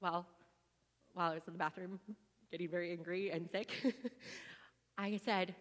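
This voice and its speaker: A woman in her forties telling a personal testimony to a church gathering in a chatty, animated way, with many fillers. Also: mid-range voice, normal speed, long pauses, long reverb tail.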